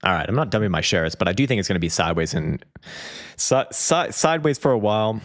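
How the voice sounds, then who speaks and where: A man's voice: on the low side, animated, quick pace. A man hosting a casual live stream, loosely talking through market charts, joking and swearing. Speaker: live stream host, crypto chart analyst.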